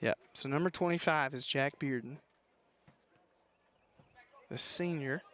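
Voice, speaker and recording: A man doing local play-by-play of a high school soccer game, out of breath and chatty, with folksy asides. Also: unhurried, bright, forceful tone. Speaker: play-by-play commentator. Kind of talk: local sports commentary. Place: press box at outdoor field.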